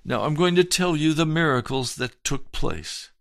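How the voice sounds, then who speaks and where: A male pastor giving an earnest, emphatic broadcast sermon testimony, with slow, deliberate phrasing. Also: fairly high pitch, animated, vocal fry, fairly bright tone, no room sound, studio quality.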